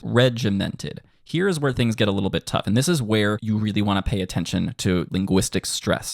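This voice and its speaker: A music composition teacher leads an online songwriting tutorial over screen share, enthusiastically sounding out syllables to show word stress. His voice is lowish and creaky, with studio-quality sound and no echo.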